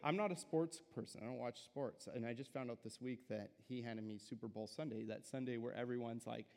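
A man's voice: medium pitch, brisk, darkish tone. A young adult man giving a guest sermon in a church, casual and self-deprecating, with plenty of filler words. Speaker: guest preacher. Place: church sanctuary. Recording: church hall with long reverb.

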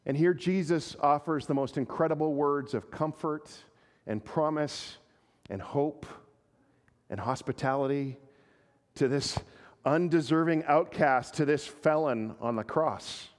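A man preaching a sermon as a pastor, earnest and halting, often repeating his words as he goes. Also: on the high side, big-room sound. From Canada.

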